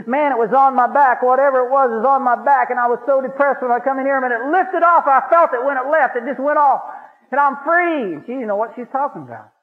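High-voiced man telling a folksy testimony. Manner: folksy, repetitive storytelling with rising fervor. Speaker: lay Christian speaker giving a testimony. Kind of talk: personal testimony storytelling. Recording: tinny, phone-like radio broadcast.

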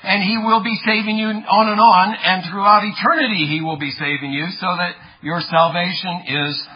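Guy preaching a sermon, kinda husky, dull muffled radio sound, gets loud and stressed on key lines. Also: sits high, steady tone, moderate pace. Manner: preaching with rising emphasis and repeated words. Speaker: pastor.

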